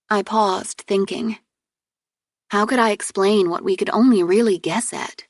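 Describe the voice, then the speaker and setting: Female audiobook narrator, mid-range voice, steady first-person storytelling, dead-dry booth. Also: medium pitch, normal speed, no echo. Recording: dry close studio recording.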